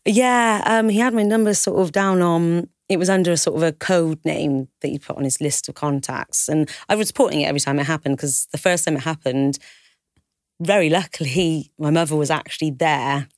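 Low-pitched woman telling her story on a podcast, does the voices, lots of "like", dry close mic. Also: a little fast, dry recording. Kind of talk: candid conversational storytelling.

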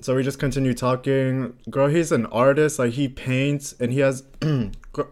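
A man's voice: medium pitch, steady tone, a little slow, a little mellow. A young man co-hosting a podcast, telling a dating story in a casual chat, acting out quotes and laughing often. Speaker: podcast co-host.

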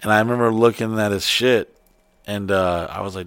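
A man's voice: on the low side, normal speed, smooth, no room sound. A man co-hosting a casual podcast chat, telling stories with lots of swearing and putting on voices for the people in them. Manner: profane, animated storytelling with put-on voices. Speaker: podcast co-host.

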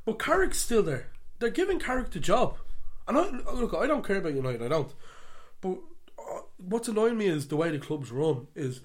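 A man co-hosting a casual football chat podcast, his voice sitting a touch high for a man. He rants with lively swings in pitch, jumping between loud outbursts and low muttered asides. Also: moderate pace. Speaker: podcast co-host.

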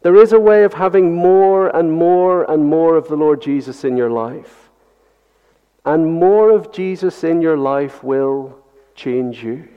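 Speaking slowly in a slightly high, clean voice, this pastor delivers a Sunday sermon to his congregation. He is earnest and repetitive, returning to key phrases and asking rhetorical questions. The church recording is dull and carries a long hall reverb.

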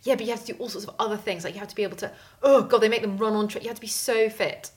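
A woman's voice: mid-range voice, fairly even intonation, very fast. A woman co-hosting a podcast, chatting casually and telling rambling anecdotes. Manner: chatty storyteller, rambling restarts. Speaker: podcast co-host. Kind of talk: casual chat.

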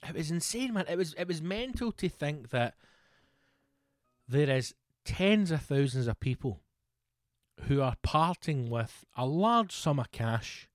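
A man's voice: mid-range voice, no echo. Scottish man, 30s, casual sweary chat, rambling anecdotes, dry recording. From Scotland. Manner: swears freely, rambling anecdotes with quoted voices. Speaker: podcast co-host.

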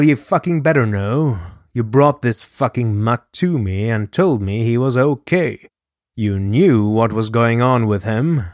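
A man voicing a loud, angry male mob boss who swears and threatens, in a dry close recording. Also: medium pitch, no room sound, lightly acted. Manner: yelling, profane, threatening.

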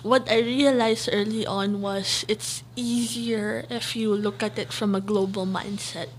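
A woman's voice: medium pitch, fairly even intonation, a little hiss or hum, rough recording. Reflective woman entrepreneur from the Philippines. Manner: measured, reflective, with many fillers. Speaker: entrepreneur guest. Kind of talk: candid interview conversation.

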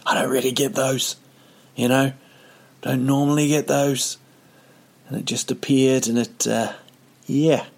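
A man's voice: medium pitch, little pitch movement, a little slow, pauses often, a little mellow. A male comedian telling a long, rambling story casually, full of digressions and self-mocking asides.

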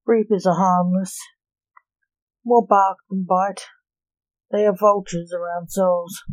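A woman reading a superhero story aloud, slow and even, with small slips. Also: mid-range voice, dry recording, poor audio. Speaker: story reader.

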